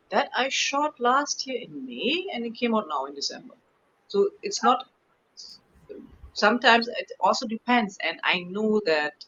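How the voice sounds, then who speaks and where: A woman with a German accent, an actress guest chatting in an interview, telling stories in an animated way with frequent restarts. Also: deep voice, breathy edge, lo-fi sound. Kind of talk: casual interview chat.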